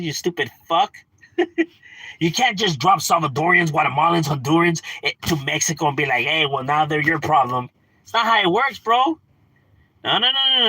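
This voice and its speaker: A man's voice: high voice, sharp tone, husky, dry recording. A man ranting casually on a livestream, swearing, slangy and laughing often. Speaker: livestream host.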